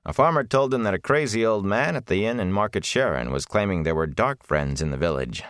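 A man narrating a fantasy novel as an audiobook, measured and expressive. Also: lowish voice, dry recording, clean studio sound.

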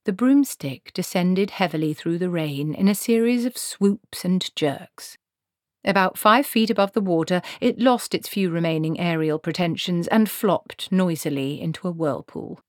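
A woman reading a comic fantasy novel aloud in a wry, expressive storytelling manner. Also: on the low side, measured pace, dry recording, studio quality. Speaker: audiobook narrator. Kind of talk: scripted narration.

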